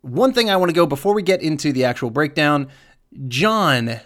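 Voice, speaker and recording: A man co-hosting a casual podcast, animated and joking, laughing often as he talks. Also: fairly high pitch, a little fast. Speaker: podcast co-host.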